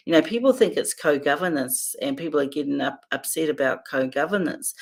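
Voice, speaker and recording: A woman's voice: deep voice, creaky. A woman hosting a casual livestream, chatting, reading viewer comments and laughing often between remarks. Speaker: livestream host.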